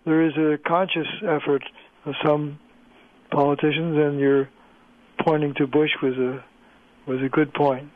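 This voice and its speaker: An older man, a linguistics professor, explaining points in a measured way as a guest on a radio interview over a phone line. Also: fairly high pitch, level tone, no room sound.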